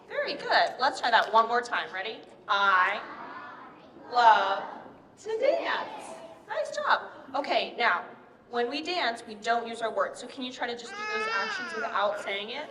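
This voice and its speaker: A woman's voice: a little high, pushed and bright. A young woman ballet dancer leading children in pantomime, upbeat with frequent "um"s, recorded in a large library room. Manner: upbeat, hesitant fillers. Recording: echoey reverberant hall.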